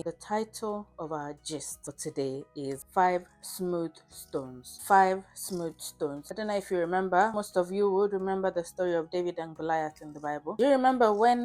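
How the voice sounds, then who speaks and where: A Nigerian woman with a slightly low voice chats her way through a home cooking vlog, playful and quick to laugh. She talks casually from her own kitchen while faint music plays in the background. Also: a little mellow. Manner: chatty, playful, laughs often. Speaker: host.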